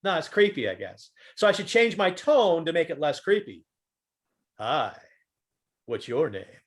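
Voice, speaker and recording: A man's voice: high-pitched, brisk. A man who works as a stand-up comic, speaking on a conference panel over a video call and acting out his examples as he goes. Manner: animated storyteller who acts out examples.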